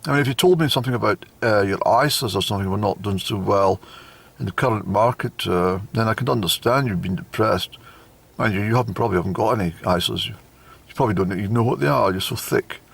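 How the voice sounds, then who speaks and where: A man's voice: fairly low pitch, fast talker, gravelly, breathy edge. A man voicing a brusque, dismissive, wealthy family doctor who belittles his patient. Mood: scornful. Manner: curt and belittling.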